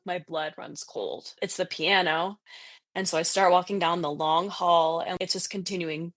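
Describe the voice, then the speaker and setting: A woman in her thirties, a podcast guest, telling a story in lively casual chat, full of fillers and laughs. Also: on the low side, moderate pace, dry recording. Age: 30s. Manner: animated, lots of fillers and laughs, acts out quotes.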